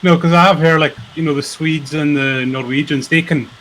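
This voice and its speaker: A man's voice: a little high, steady tone, moderate pace, a bit bright, slight background noise, rough recording. Chatty man on a live stream. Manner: chatty, with fillers like "like". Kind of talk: casual chat on a live stream.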